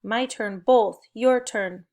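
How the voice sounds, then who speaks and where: A woman's voice: a little high, takes it slowly, noisy background. A young adult woman, leading a recorded spelling and phonics lesson for young children with cheerful, encouraging call-and-response prompts. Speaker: teacher.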